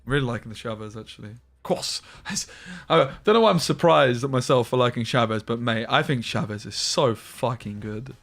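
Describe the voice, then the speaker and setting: A young man streams a game and chats over the gameplay, spinning rambling stories full of slang and the occasional swear word. His medium-pitched voice is creaky and slightly bright, and he talks briskly with few pauses.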